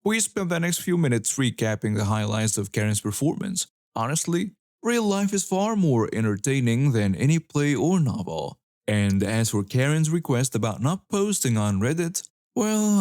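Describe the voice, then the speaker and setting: A man's voice: medium pitch, sing-song, normal speed, darkish tone, no room sound. Dry, close-miked male story narrator. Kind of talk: scripted narration of reader stories.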